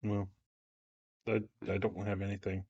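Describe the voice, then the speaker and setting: Very deep, husky-voiced woman with dry replies. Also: little pitch movement, unhurried, warm tone, no room sound, dull audio. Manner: dry, brief, teasing replies. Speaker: podcast co-host. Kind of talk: casual faith podcast chat.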